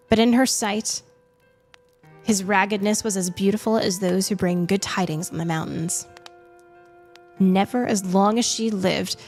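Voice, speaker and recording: Young female streamer reading a classic novel aloud with feeling, then chatting loosely; soft music plays behind. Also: mid-range voice. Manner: expressive reader, chatty and self-amused when talking. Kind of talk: reading aloud and casual chat on a live stream.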